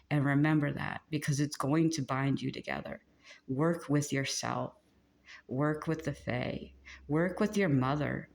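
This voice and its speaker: A tarot reader giving a casual spoken spiritual reading, rambling with many filler words and often breaking into giggles. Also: mid-range voice. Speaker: tarot reader channeling messages.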